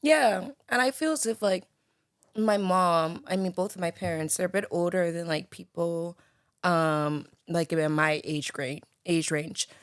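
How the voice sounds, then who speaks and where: A woman's voice: lowish voice, a little slow, dry recording, clean studio sound. A young woman from the Bahamas with a light Bahamian accent, chatting as a podcast guest and filling her talk with "like" and "you know". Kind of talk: casual conversation.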